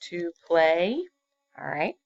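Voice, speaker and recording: In this recorded classroom grammar lesson for fifth graders, a woman with a lowish, gravelly voice explains things patiently, step by step, using fillers. She sounds animated but speaks at a slow pace, and the computer recording is dull and lo-fi.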